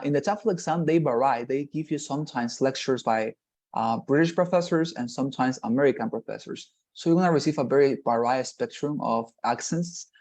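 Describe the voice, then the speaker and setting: Over a video call, a man teaches an online exam-prep class, explaining at length and checking in with his students. His voice is medium-pitched and darkish, and he keeps repeating "nonetheless" and "right?".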